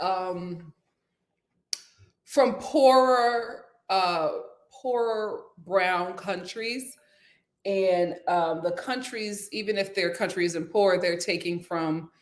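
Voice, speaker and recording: A woman hosting a casual live stream from home, chatting and reading viewer comments aloud. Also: mid-range voice.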